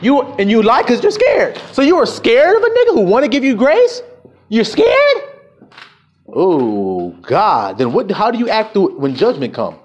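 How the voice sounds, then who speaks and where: A man delivering a fiery, profane sermon, swinging from low mutters to shouts. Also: sing-song, moderate pace, few pauses, dull audio. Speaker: self-styled preacher. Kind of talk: fiery street-style sermon.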